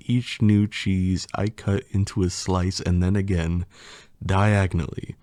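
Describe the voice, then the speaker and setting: A man's voice: sits low, level tone, a little slow, dark tone, dry recording. A man reading a playful poem for an ASMR video, repeatedly breaking into laughter as he reads. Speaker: ASMR creator.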